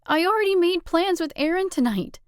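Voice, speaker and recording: A woman's voice: very high voice, lively intonation, fairly quick, no room sound, clean studio sound, pitched above the performer's own voice. A woman voicing an earnest teenage girl who talks in an emphatic, pleading way.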